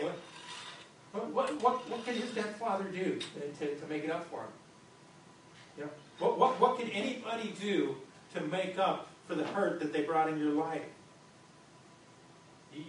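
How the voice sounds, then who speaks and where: A man's voice: high-pitched, expressive, moderate pace, pauses often. A male pastor preaching a sermon in a conversational way, often stumbling and repeating words as he restarts sentences. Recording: very echoey hall, distant mic, faint noise.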